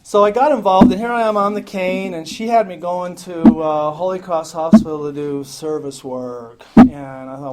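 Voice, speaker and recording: A middle-aged man from Salt Lake City, Utah, speaks at an AA meeting, telling his recovery story frankly and profanely and often laughing at himself. His voice is high-pitched, at a moderate pace with hardly any pauses, over a noisy crowd on a hissy amateur tape.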